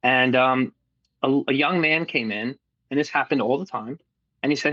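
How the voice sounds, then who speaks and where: A man's voice: medium pitch, moderate pace, dry recording, muffled recording. A middle-aged man telling his life story in a candid, casual interview, acting out what people said to him. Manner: candid, animated storyteller who acts out quoted voices and swears casually.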